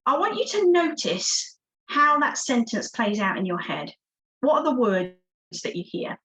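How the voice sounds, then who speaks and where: A woman's voice: a little high, sing-song, a little slow, pushed and bright, rough recording. Encouraging woman coaching online. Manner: encouraging, interactive, coaching the audience. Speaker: success coach, guest speaker. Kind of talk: online workshop talk. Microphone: video call.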